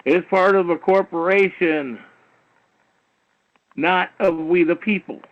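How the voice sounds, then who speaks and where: A man's voice: high-pitched, unhurried. A man hosting a call-in talk show, lecturing in a heated, rambling way, peppered with "you know" and swearing. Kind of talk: rambling call-in radio monologue. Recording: dull lo-fi internet radio stream.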